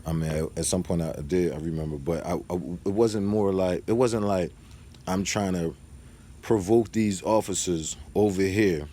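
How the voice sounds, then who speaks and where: A man's voice: deep voice, warm tone, a little hiss or hum. A man talks casually to camera in a vlog, rambling through a story and drifting into advice. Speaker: vlogger.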